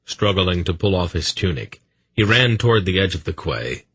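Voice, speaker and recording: Deep, husky audiobook narrator. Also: male voice, big pitch swings, normal speed, a bit bright, no echo.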